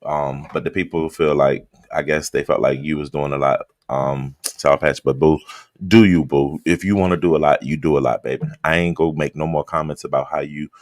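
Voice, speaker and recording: Male streamer, extremely low voice, sleepy late-night drawl, dry close sound, chatting with viewers. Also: fairly quick, no room sound. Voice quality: just-woke-up low drawl. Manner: relaxed, greets chat members by name. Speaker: livestream host. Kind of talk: late-night casual livestream chat.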